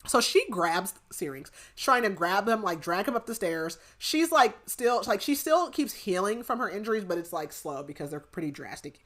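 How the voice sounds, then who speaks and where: A young woman talks through a book recap in a loose, rambling flow, and "like" turns up in nearly every phrase. Her voice is bright and forward. She sounds like a podcast co-host chatting casually with a friend. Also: medium pitch, big pitch swings, normal speed, few pauses. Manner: rambling, filler-heavy retelling with lots of "like".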